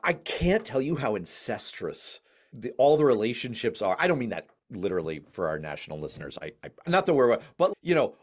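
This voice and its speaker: A man hosts a podcast in a casual, chatty way, tossing in jokey asides. His pitch swings about lively as he talks. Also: brisk. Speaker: podcast host. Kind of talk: casual conversational podcast hosting.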